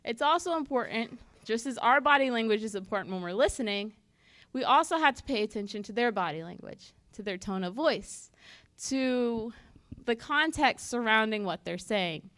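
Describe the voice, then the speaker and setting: A woman's voice: on the high side, animated, moderate pace, a bit bright, dry recording. A woman speaking at a church, teaching in a conversational way and acting out short everyday dialogues. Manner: conversational, acts out little dialogues. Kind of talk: teaching talk.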